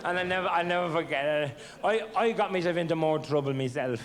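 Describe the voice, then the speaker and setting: A man's voice: a little high, fast talker. Man doing a stand-up routine. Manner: stammering bits, mock-innocent delivery. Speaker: stand-up comedian. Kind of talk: stand-up storytelling. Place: theatre stage. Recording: noisy old VHS tape.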